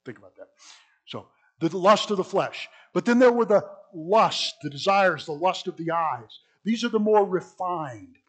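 A man preaching a sermon, stressing key words loudly, dropping to quiet asides, and calling his listeners folks. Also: high voice, lively intonation, a little slow, breathy edge. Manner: emphatic, swinging between loud stresses and quiet asides.

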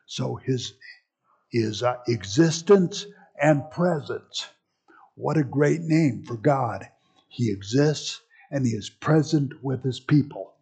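A man's voice: medium pitch, lively intonation, takes it slowly, gravelly, a little mellow, husky. A man teaching a Bible class in a conversational way, with frequent asides and restarts. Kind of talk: casual teaching talk.

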